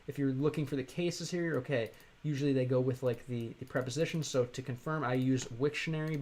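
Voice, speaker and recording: An American man from Chicago chatting casually on a livestream, rambling and halting, with many fillers and restarts. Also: medium pitch, a little mellow. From Chicago, USA. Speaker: streamer and language learner.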